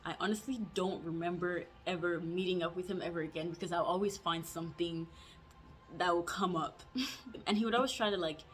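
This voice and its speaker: A woman's voice: fairly low pitch, a bit bright. A young adult woman telling a storytime vlog in a casual, chatty way, full of "like" fillers and self-mocking asides. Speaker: vlogger.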